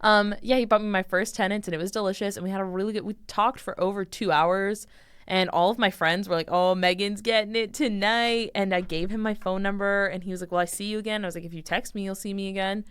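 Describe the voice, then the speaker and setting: This young adult woman talks fast at a medium pitch, her voice smooth and free of room sound on a close mic. Co-hosting a podcast, she tells stories in easygoing chat and brings quoted dialogue to life.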